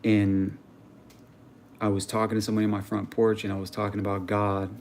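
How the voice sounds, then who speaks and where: A young man hosting a livestream, telling a personal story in casual chat, animated and slangy, with some swearing. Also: lowish voice, a little fast, a little hiss or hum. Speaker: livestream host. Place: home.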